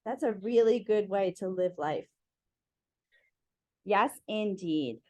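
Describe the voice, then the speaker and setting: A woman's voice: medium pitch, expressive, takes it slowly, darkish tone, no room sound, studio quality. A woman reading picture books aloud to children, chatting to them between pages. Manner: friendly, addressing kids directly. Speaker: storyteller.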